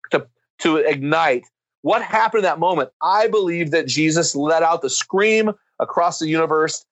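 A man's voice: on the high side, a bit bright, no echo, dull audio. Fervent preaching man, dry sound. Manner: emphatic, builds to fervent climaxes. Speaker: guest speaker on men's ministry. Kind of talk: impassioned preaching-style storytelling.

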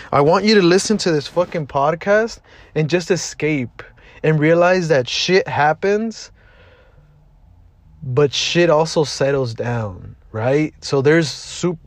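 A man's voice: a little high, no room sound. A man in his twenties from Southeast Los Angeles, hosting a podcast in a casual, motivational monologue that is blunt, heartfelt and full of swearing. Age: 20s. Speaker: podcast host.

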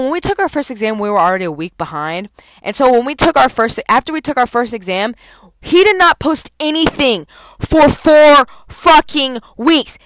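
A woman's voice: high voice, fairly bright tone, no echo. A young woman, a college student, ranting casually and profanely in an exasperated way. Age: young adult.

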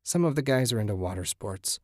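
A man voicing a frightened, submissive young woman who speaks quietly and mumbles. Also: medium pitch, expressive, brisk, no echo, clean studio sound, lightly acted. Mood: subdued.

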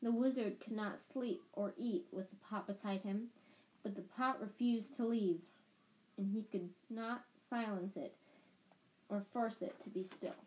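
A woman's voice: medium pitch, steady tone, a little slow, a little mellow, low-quality recording. A woman reading a storybook aloud, often stumbling and restarting words. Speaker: podcast storyteller.

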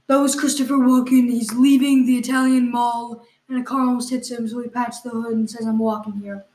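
A woman's voice: a little high, level tone, brisk, mellow. Woman grilling her co-host in an echoey room. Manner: questioning, mock-exasperated, full of fillers. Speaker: podcast co-host. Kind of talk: improvised comedy banter.

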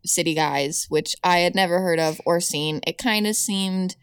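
Chatty low-voiced woman, dry sound. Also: moderate pace, clear, resonant tone, dry recording. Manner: chatty, laughing, many restarts. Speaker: podcast co-host. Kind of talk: casual chat reviewing old TV.

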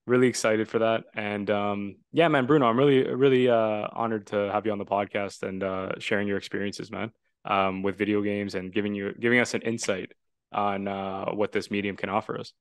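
A man hosting a podcast over a video call, chatting excitedly and casually, swearing now and then and trailing into fillers. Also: lowish voice, a little fast, smooth, no room sound. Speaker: podcast host. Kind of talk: casual chat.

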